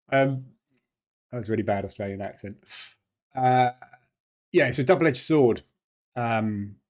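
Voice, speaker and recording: A man hosting a live trading session, greeting viewers and explaining market news in a casual, halting way with many fillers. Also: medium pitch, a little mellow. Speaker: trading room host.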